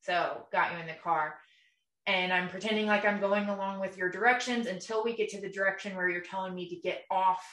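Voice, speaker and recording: A woman's voice: mid-range voice, steady tone, fairly quick, a bit bright. A young woman co-hosting a podcast, retelling an emotional story in casual chat with lots of fillers and acted-out quotes. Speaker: podcast co-host. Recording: echoey room, voice a bit far from mic.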